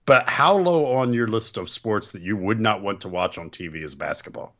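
A man's voice: on the low side, expressive, moderate pace, a bit bright, muffled recording. A man co-hosting a podcast, joking and teasing in a casual chat. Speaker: podcast co-host.

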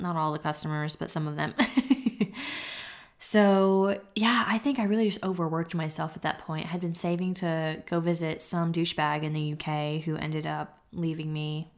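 A young woman hosting her own podcast, talking openly and casually about her life, with the odd swear word. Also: fairly low pitch. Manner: open, confessional, casual with swearing. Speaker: podcast host. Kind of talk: candid solo podcast talk.

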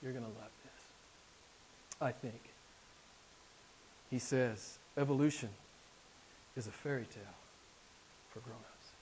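A male pastor preaching a sermon, emphatic, repeating key phrases and swinging between loud declarations and quiet asides. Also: mid-range voice, steady tone, measured pace, long pauses, a little hiss or hum, poor audio. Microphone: recorded for a podcast.

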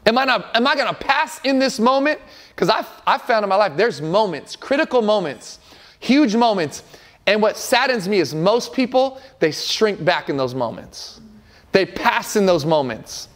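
A man's voice: high-pitched, sing-song, normal speed. A man around forty preaching a sermon as a pastor, earnest and emphatic, repeating phrases for effect.

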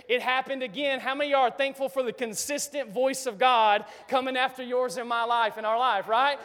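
High-voiced, energetic preacher. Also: male voice. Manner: energetic, casual, talks straight to the congregation and jokes. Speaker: pastor. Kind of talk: sermon. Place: church sanctuary. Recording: reverberant hall.

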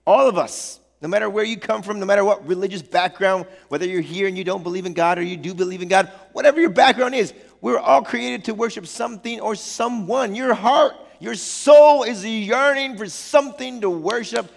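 A male pastor preaching a sermon, telling the story in a lively, playful way with slangy asides. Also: sits high, moderate pace, gravelly, hardly any pauses, big-room sound.

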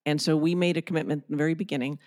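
A woman's voice: sits low, fairly even intonation, racing, a little mellow. A woman co-hosting a casual podcast chat, frank and laughing often, her voice scratchy from a sore throat. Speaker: podcast co-host.

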